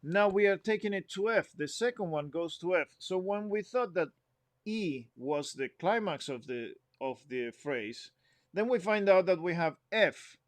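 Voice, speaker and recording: A man's voice: sits high, animated, a little slow. A man giving an instrument lesson, explaining phrasing patiently, humming example phrases and counting the group in. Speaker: music teacher.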